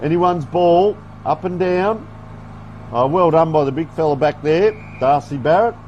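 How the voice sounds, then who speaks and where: Male commentator, folksy live play-by-play, slightly high voice, faint outdoor noise behind. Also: a little slow, muffled recording. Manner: chatty, folksy play-by-play with asides. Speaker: sports commentator. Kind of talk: live local football commentary. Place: outdoor football ground.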